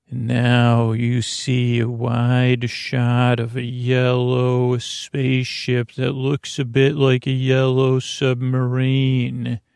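A man hosting a podcast, telling a meandering sleep story in a creaky voice. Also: mid-range voice, a little mellow, no room sound, studio quality. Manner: meandering, hesitant. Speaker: podcast host. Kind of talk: slow sleep-story narration.

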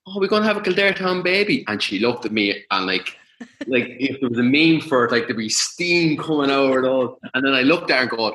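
A man joining a casual chat, jokey and quick, telling his side of a story. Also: mid-range voice, a bit bright, echoey room, a little hiss or hum, poor audio. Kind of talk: casual conversation.

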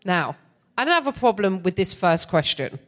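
Speaking in a lowish voice at a moderate pace, this middle-aged English comedian and co-host spins a stand-up story. She's dry-humored and lively, frequently cracking up as she goes.

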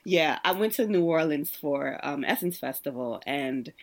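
A woman's voice: deep voice, normal speed. A young adult woman from Brooklyn with a New York accent, telling stories in a casual chat, laughing often and acting out quotes. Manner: animated storytelling with frequent laughter and voiced quotes.

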